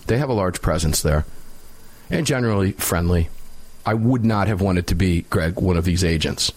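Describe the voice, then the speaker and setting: Male talk radio host, low register, sarcastic, casual banter. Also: animated, moderate pace, a little mellow. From United States. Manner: opinionated, sarcastic, laughs while mocking.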